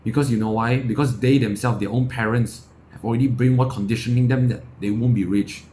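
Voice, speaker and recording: A man's voice: medium pitch, fairly even intonation, brisk, dark tone, a little hiss or hum. A young man from Malaysia giving a blunt, impassioned motivational monologue, swearing, firing off rhetorical questions and repeating his words. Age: young adult. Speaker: self-improvement YouTuber.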